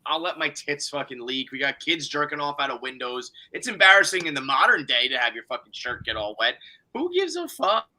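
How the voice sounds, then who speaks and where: A man in casual podcast chat recapping a show, riffing profanely and jumping into quick impressions. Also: medium pitch, bright, forceful tone. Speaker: podcast co-host.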